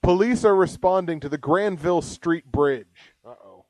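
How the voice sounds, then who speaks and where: A man co-hosting a podcast, chatting casually and reading out police scanner posts slowly, laughing often. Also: high voice, darkish tone, no room sound. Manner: laughs often, reads items slowly and deliberately. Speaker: podcast co-host.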